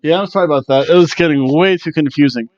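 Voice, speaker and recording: A man's voice: a little high, quick pace, no room sound, muffled recording. A man hosting a wrestling review podcast, chatting casually in a rambling, self-deprecating way. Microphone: headphones on, desk mic.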